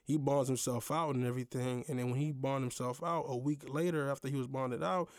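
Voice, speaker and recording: Speaking fairly quickly in a mid-range voice, this young male podcast host shares a personal anecdote in studio-quality sound without echo. It's loose, lively, slang-heavy storytelling with plenty of fillers.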